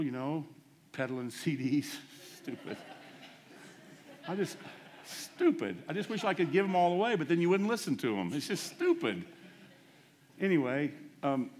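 A man preaching a storytelling sermon in a fairly high voice. He is animated and self-deprecating, jumping from loud bursts to hushed asides as he acts out each exchange. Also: slight background noise.

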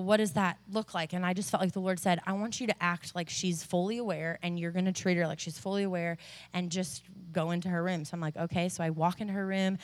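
A young woman, a nurse, tells a faith story to a congregation. She talks in a chatty, animated way, with many "like"s, and her voice rises as she grows passionate. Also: medium pitch. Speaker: nurse giving a testimony. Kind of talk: testimony sermon to a church audience.

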